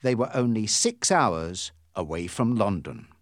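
A man reading a storybook aloud as narrator in a clear, deliberate way. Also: fairly low pitch, very animated, no echo, studio quality.

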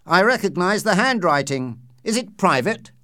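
Male reader voicing a keen, deferential clerk, pitched high and very lively, dry sound. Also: moderate pace, no room sound, heavily acted. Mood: eager. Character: eager, polite male head clerk. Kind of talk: audiobook character reading.

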